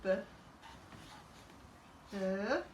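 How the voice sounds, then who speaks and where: A woman teacher in a phonics lesson for young children, slowly sounding out each word and talking herself through it. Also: medium pitch, expressive. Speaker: infant school teacher. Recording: roomy and a bit distant, faint background hum.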